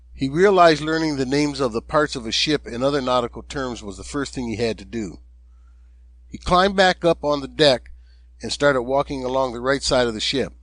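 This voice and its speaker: Man, mid pitch, measured audiobook narration, dry sound. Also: fairly bright tone, no echo. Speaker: author and narrator.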